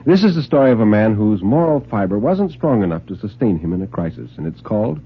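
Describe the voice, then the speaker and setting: A theatrical male storyteller and host, his pitch lively and expressive. The sound is a narrow, phone-like vintage broadcast with a faint hiss behind it. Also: fast. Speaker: narrator and show host. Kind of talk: dramatic radio storytelling. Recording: tinny old radio broadcast.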